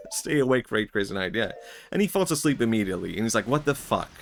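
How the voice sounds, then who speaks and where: A man's voice: on the low side, sing-song, fast, creaky. A young man streaming, talking in a rambling, reflective way with many fillers and frequent laughs. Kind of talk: casual stream chat.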